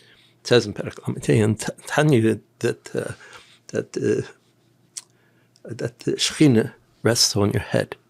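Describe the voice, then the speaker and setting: An older man from Tennessee, a podcast guest, telling personal stories in a rambling, halting way with quiet asides. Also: mid-range voice, creaky. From Nashville, Tennessee. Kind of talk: personal storytelling in an interview.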